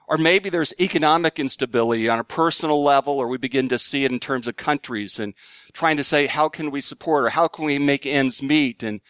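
A man preaching a sermon in an earnest style, rising to emphatic highs and dropping to hushed lows. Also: no room sound. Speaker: pastor.

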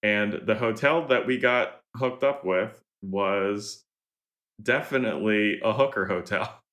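A man co-hosting a gaming podcast, telling a travel story in a relaxed, hesitant way with many fillers. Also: fairly low pitch, measured pace. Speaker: podcast co-host. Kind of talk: casual storytelling.

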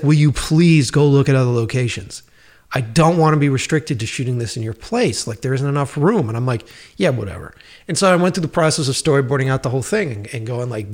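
A man telling filmmaking stories in casual chat, swearing freely and acting out the dialogue he quotes. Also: a little high. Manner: profane, animated storyteller acting out quoted dialogue. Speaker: filmmaker guest.

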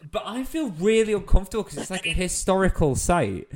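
A young British man spins a comic anecdote in loose, chatty style. His pitch sits a touch high and swings widely as he acts out the scene. He keeps breaking into laughter between lines. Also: fairly quick, a crowd in the background. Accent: British English. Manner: animated anecdote-telling with laughs. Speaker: comedian guest. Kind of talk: casual storytelling chat.

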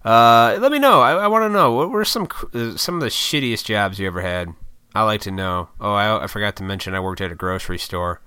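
Casual podcast host, American man, profane and rambling; bright, dry close-mic tone. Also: fairly low pitch, brisk, smooth, no room sound. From United States. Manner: profane, rambling, frequent laughs. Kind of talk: casual solo podcast rant.

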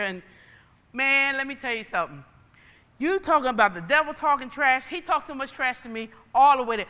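A woman's voice: medium pitch, expressive, fast, pushed and bright, clean tone, long reverb tail. A woman preacher giving a sermon with personal testimony, emphatic and folksy in her storytelling.

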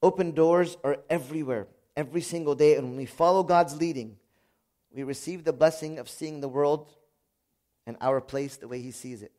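A middle-aged man preaching a sermon with a slightly high voice. He tells stories earnestly, sinking to near-whispered confession and then climbing to loud, emphatic peaks. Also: normal speed. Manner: earnest storytelling, swings from quiet confession to raised emphasis. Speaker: priest.

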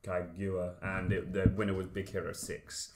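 A man's voice: low voice, little pitch movement, moderate pace. A man giving a casual, earnest take in a film discussion, hedging and correcting himself as he goes. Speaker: podcast co-host. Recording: echoey room with faint hiss.

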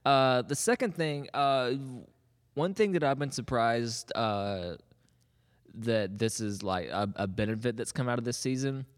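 This podcast co-host, a man in his thirties, speaks at medium pitch with an animated, measured delivery, and his voice trails off in a long reverb tail. His casual chat wanders, he keeps cutting himself off to start again, and he laughs often.

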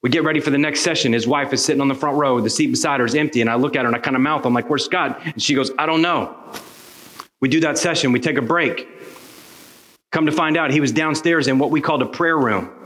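A pastor telling a personal story in a sermon, acting out the voices of the people in it. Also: male voice, mid-range voice. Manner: animated storyteller acting out dialogue.

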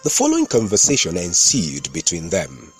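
A man narrates his podcast in an instructive, storytelling way. His slightly husky voice moves up and down a great deal in pitch, with faint music underneath. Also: huge pitch swings, moderate pace. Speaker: podcast host and communication consultant.

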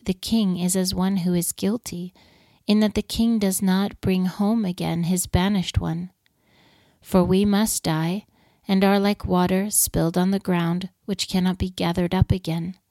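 A woman giving a measured, steady scripture reading. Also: lowish voice, no echo, studio quality. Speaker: scripture reader.

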